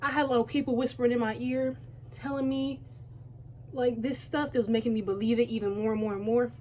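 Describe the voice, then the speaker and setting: A talkative teenage girl tells a story in a loose, rambling way, breaking off into asides and apologies as she goes. Her voice sits a little high, with a faint hiss of room noise behind her. It sounds like a casual home makeup vlog. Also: steady tone, brisk, mellow. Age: teens. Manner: rambling, chatty, self-interrupting. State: out of breath. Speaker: beauty vlogger. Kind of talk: casual storytime chat while doing makeup. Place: home, by a window.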